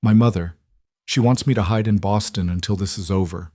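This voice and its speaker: A man voicing a composed, guarded businesswoman who answers in a careful, measured way in an audio story. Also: lowish voice, warm tone, no room sound, clean studio sound, lightly acted.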